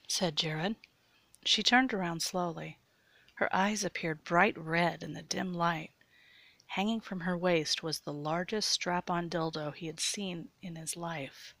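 A woman narrating an erotic audio story in a steady, measured way. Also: fairly low pitch, dry recording.

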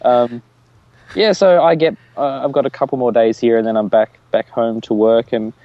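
A man's voice: mid-range voice, steady tone, normal speed, no echo. Man joking casually over a dull line. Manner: joking, playful put-on Australian voices. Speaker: podcast co-host. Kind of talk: casual chat. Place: outdoors on holiday.

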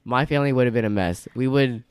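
A man's voice: medium pitch, fast, clean tone, no room sound. A young man co-hosting a casual podcast, talking earnestly and laughing easily. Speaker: podcast co-host.

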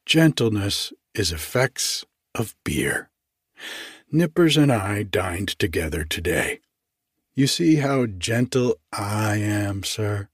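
A man voicing a blustering, red-faced older clerk who talks loud and combative. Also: on the low side, sing-song, slow, breathy edge, no echo, clean studio sound, exaggerated voice. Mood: boastful.

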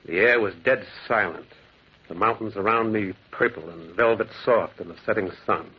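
In an old, muffled 1940s radio drama recording, a man narrates as a lonely loner who once prospected in the mountains. His voice is husky and fairly low, his pace moderate, and his mood brooding.

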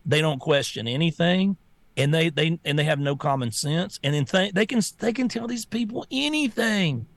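A man's voice: fairly high pitch, expressive, moderate pace, no room sound. A man co-hosting a talk show, talking bluntly and scornfully and laughing often. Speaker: co-host. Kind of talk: casual talk-show banter.

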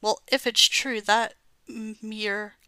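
A woman's voice: fairly high pitch, level tone, takes it slowly, sharp tone, clear, resonant tone, no room sound. A woman doing an earnest boy philosopher. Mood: pondering. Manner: earnest, pondering. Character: thoughtful young male cartoon hero, earnest philosopher.

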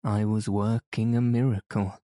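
A man's voice: lowish voice, takes it slowly, mellow, no echo, clean studio sound. A man voicing a nervous young clerk who talks hesitantly and apologetically. It is a character voice in an audiobook reading. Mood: flustered.

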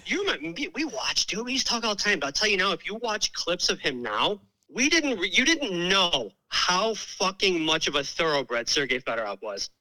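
A man with a thick Michigan accent calling into a podcast, talking fast and enthusiastically, swearing freely. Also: sits high, very animated, sharp tone, poor audio. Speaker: caller. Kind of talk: casual phone-in chat.

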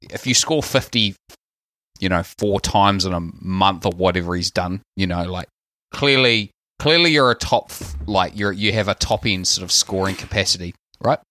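A man with a New Zealand accent chats casually on a podcast call, weighing his points with a lot of hedging and the odd laugh. His voice is bright and forward, and it sits a little low. The sound is dry, with almost no room in it. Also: normal speed, no echo. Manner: thoughtful, hedging, laughs easily. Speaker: podcast guest panelist. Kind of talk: casual analytical chat. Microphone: remote call.

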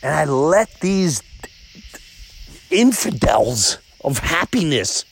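A man hosting a podcast, telling stories in a casual, animated way while outdoors by the woods at night. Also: unhurried, pauses often. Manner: animated storyteller, pitch jumps up when exasperated. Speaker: podcast host. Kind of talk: casual solo monologue.

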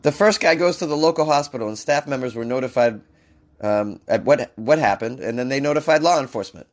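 A man with a hoarse, sick-sounding voice hosts a comedic weird-news podcast. He riffs sarcastically on the stories, sounds exasperated, and breaks into disbelief. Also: medium pitch, fairly quick. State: hoarse from illness. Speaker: podcast host.

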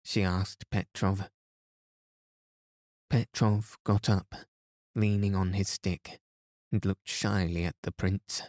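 A man narrates a classic novel for sleep, soft and unhurried. His voice sits low and mellow, and the recording is close and dry, with no room around it. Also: no room sound. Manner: slow, soothing, even reading. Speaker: sleep podcast host. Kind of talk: calm bedtime audiobook narration.

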